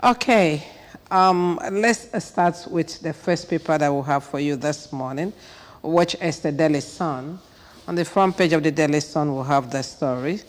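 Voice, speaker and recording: A woman hosting a TV newspaper review, her voice rough from a cold, reading headlines aloud with short pointed asides. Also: low-pitched, unhurried, in a large hall. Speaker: TV morning show host.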